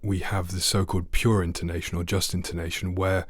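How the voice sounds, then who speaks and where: A man's voice: low-pitched, flat delivery, fairly quick. A man teaching a trombone lesson online, friendly and asking the viewer questions. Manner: friendly, asks the viewer questions, sings notes.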